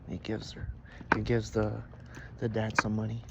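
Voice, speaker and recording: A man telling an improvised story in a casual way, swinging between loud bursts and near-whispers. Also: on the low side, monotone, moderate pace, gravelly, lo-fi sound. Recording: noisy background.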